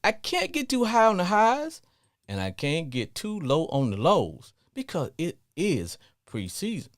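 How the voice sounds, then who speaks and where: Lively Southern sports radio host. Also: male voice, high-pitched, unhurried, dry recording, studio quality. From Southern US, family from Louisiana. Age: middle-aged. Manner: animated, playful, breaks into song snippets. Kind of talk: casual sports talk radio.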